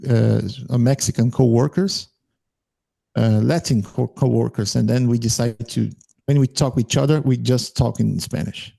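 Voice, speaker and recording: A man's voice: mid-range voice, fairly even intonation, moderate pace, creaky, dark tone. A man from Brazil with a Brazilian Portuguese accent, a guest chatting casually and thoughtfully, often searching for words. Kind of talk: casual interview chat.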